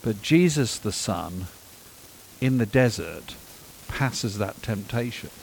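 A man delivering a sermon, animated and emphatic, with dry self-deprecating humor. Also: lowish voice, slow pace, creaky, a little hiss or hum, poor audio. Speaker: preacher.

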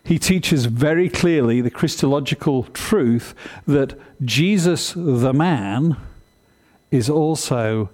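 A man preaching a sermon, explaining the text in an earnest way with deliberate emphasis. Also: mid-range voice, lively intonation, a little mellow.

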